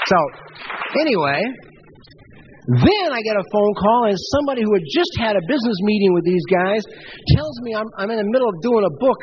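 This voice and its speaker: Profane man with a lively, high voice. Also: slight background noise, rough recording. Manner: blunt, profane, storytelling; pitch swings widely for emphasis. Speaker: recovery speaker. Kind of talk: personal recovery talk.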